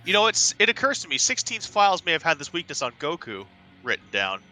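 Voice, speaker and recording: A man playing a tabletop game, thinking aloud in an animated way. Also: a little high, quick pace, soft background music. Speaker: player. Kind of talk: casual tabletop game play.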